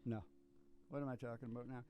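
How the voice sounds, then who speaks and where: A man's voice: mid-range voice, flat delivery, quick pace, smooth. A man who sings acoustic folk songs and then chats, rambling and joking. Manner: rambling, joking, laughs often. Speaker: singer and guitarist. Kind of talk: acoustic folk singing, then casual chat. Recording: loud guitar accompaniment.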